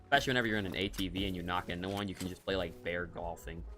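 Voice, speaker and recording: Deep-voiced man rambling over gameplay. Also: fairly even intonation, rapid-fire, pushed and bright, soft background music. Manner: rambling, jokey, thinks aloud. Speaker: game streamer. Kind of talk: casual gameplay commentary.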